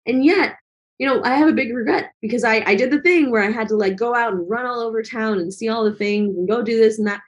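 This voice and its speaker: A woman's voice: on the high side, fast. A woman talking as a guest in a casual conversation, earnest and reflective, with lots of fillers. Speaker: guest, travel vlogger.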